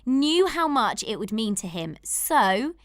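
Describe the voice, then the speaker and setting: An enthusiastic woman host telling stories in casual podcast chat. Her voice is bright and somewhat high, recorded close and dry. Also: big pitch swings, slow pace, dry recording. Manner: enthusiastic, gushing storyteller.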